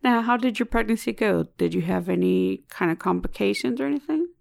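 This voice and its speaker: A woman's voice: medium pitch, animated, fairly quick, gravelly, darkish tone. A woman hosting a casual interview, supportive, asking questions and laughing along with her guest. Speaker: host.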